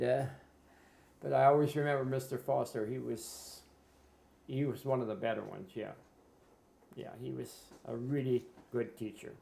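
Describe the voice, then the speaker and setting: A man's voice: medium pitch, vocal fry. A man from Canada, reminiscing in a rambling, casual way with frequent restarts. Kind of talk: casual conversation. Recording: roomy echo.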